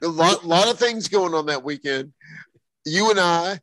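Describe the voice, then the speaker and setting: A man's voice: fairly high pitch, a little slow, fairly bright tone, dry recording, poor audio. Joking, slangy man co-host. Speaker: radio show co-host. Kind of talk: casual music talk.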